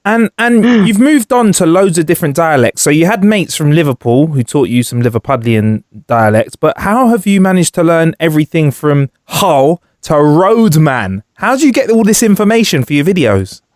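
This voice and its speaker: A man hosts a casual podcast in a lively voice that rises and falls a lot. He is slightly higher than most men and upbeat as he asks questions. The sound is dry and close. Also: normal speed, few pauses, no room sound. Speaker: podcast host.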